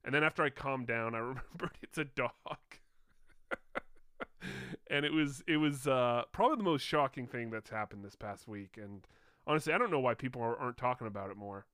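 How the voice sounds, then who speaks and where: A man's voice: mid-range voice, expressive, brisk, fairly bright tone, clear, resonant tone, dry recording. A young man co-hosting a podcast, chatting casually with loose swearing and frequent laughter. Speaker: podcast co-host. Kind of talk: casual chat.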